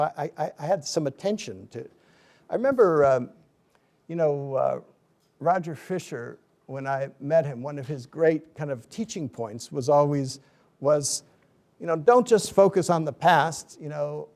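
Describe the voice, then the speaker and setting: A middle-aged man giving a book talk, telling an anecdote in a lively way and acting out the people he quotes. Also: fairly high pitch. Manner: animated storyteller, acts out quoted voices. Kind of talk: storytelling lecture.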